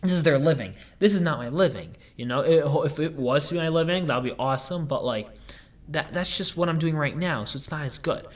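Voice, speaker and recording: A young man hosting a casual podcast, rambling through stories and acting out quotes in high voices. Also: brisk. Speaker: podcast host.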